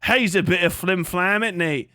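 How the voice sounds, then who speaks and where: A man's voice: high-pitched, moderate pace, bright, forceful tone, no echo, studio quality. An American man putting on a fake British-Australian accent as a silly, mocking bloke, in an exaggerated, sing-song way.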